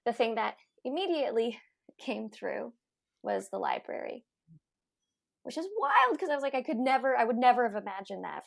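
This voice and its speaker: A woman's voice: medium pitch, gravelly. A woman co-hosting a podcast in casual chat, rambling reflectively through memories. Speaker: podcast co-host and medium.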